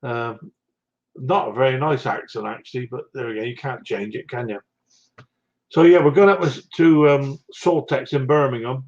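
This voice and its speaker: A man from South West England with a West Country accent chats casually on a live stream, rambling and chuckling as he answers viewers. His voice is middling in pitch and a little mellow, at normal speed, and the stream audio is dull and lo-fi.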